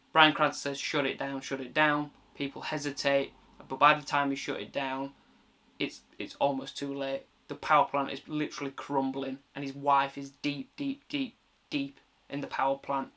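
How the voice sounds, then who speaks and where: A man's voice: mid-range voice, sharp tone. A man giving a casual film review, recounting the plot in a chatty way and swearing freely.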